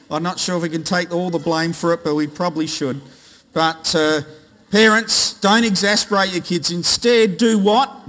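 A man's voice: high voice, a bit bright. An Australian man preaching a sermon to a church congregation, joking and putting questions to the parents and kids in the room. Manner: jokey, quizzes the congregation. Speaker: pastor. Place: large church hall. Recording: reverberant church hall.

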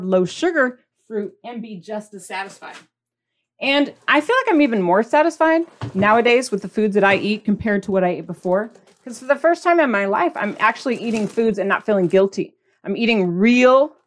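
A woman hosting a podcast in a casual, animated and emphatic monologue. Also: medium pitch. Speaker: podcast host.

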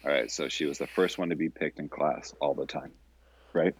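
A man's voice: a bass voice, fairly even intonation, normal speed, breathy edge, no room sound, rough recording. A young man in casual banter, telling a rambling story with hesitations and fillers.

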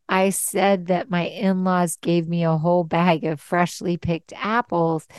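A woman hosts a relaxed podcast chat, upbeat and prone to easy laughter. She talks slowly and with care. The sound is dry and close, with no room around it. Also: lowish voice, no room sound. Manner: laughs easily, chatty and upbeat. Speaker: podcast host.

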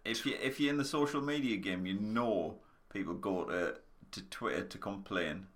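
Co-host, Northern English man, bright low voice, teasing banter. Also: normal speed. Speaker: podcast co-host. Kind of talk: casual banter.

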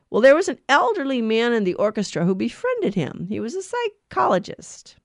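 A woman's voice: fairly high pitch, no room sound. Woman preacher, scripture reading into conversational homily, dry close sound. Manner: slow, deliberate reading, then conversational preaching with fillers. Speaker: preacher giving a reflection on scripture.

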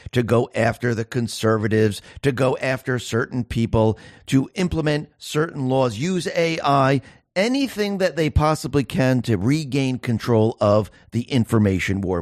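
A man's voice: mid-range voice, a little slow, dry recording, clean studio sound. A man hosting a political commentary show, speaking in an emphatic monologue full of repetition and rhetorical questions. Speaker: show host.

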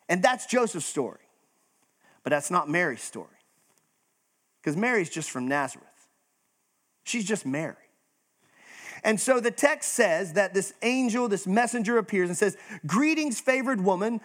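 Animated high-voiced male preacher. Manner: animated, storytelling with acted-out quotes. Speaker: pastor. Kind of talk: sermon.

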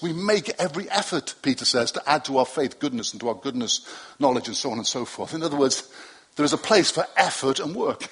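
Husky-voiced male pastor preaching conversationally. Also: medium pitch, a bit bright. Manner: conversational preaching with asides and self-deprecating humor. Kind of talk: sermon. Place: church hall with a congregation.

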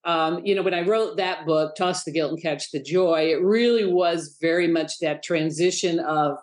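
A middle-aged woman speaks as a guest in an interview, her voice sitting a little low. She tells stories with animation and jumps up high when she mimics the people in them. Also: normal speed. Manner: animated, acts out quoted voices in a high pitch. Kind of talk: storytelling interview talk.

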